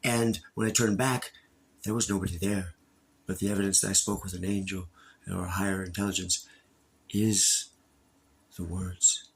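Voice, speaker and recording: A man's voice: low-pitched, little pitch movement, vocal fry, a little hiss or hum, low-quality recording. A man earnestly recounting a strange personal encounter as a story. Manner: earnest, fast-talking testimony.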